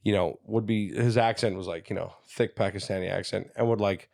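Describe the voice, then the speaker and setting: A man in his thirties talks as a podcast guest, spinning animated stories and checking in with his listeners. His voice sits on the low side. The sound is dry and close. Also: a little fast, creaky, dry recording. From Canada, Ontario. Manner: animated storyteller who slips into voices, says "you know what I mean" often. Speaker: guest comedian. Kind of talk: casual podcast chat.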